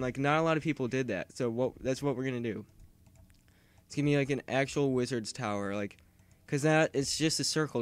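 A man giving casual, rambling gameplay commentary who yells and panics when startled. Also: mid-range voice. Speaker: gaming video host.

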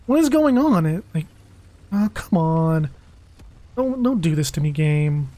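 Excitable young male game streamer. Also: fairly high pitch, unhurried, no room sound. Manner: excitable, pleading, melodramatic. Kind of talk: casual live-stream commentary.

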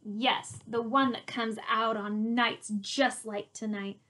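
A storybook boy babysitter, a little bossy but keeping his cool, as a woman reads him aloud. The voice is high and steady, pitched a touch lower for the telling of a spooky tale. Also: slow pace.

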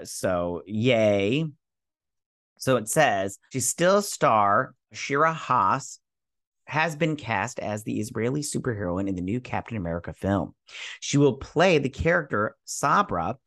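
A man's voice: mid-range voice, fairly bright tone, no echo. Chatty man reading news, dry sound. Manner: chatty and rambling, with many fillers and restarts. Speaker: host of a geek news channel. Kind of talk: casual reaction video, reading news aloud.

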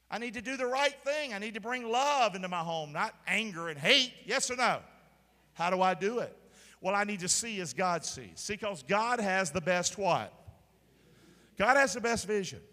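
High, bright-voiced preacher with a drawl. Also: male voice. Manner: emphatic, keeps asking the congregation to respond. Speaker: pastor. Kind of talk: sermon. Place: large church auditorium. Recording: live church hall with long reverb.

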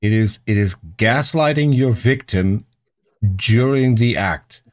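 A man with a somewhat low voice hosts a casual online panel discussion. He is earnest and thoughtful, picking his words slowly and often restarting mid-sentence. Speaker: host.

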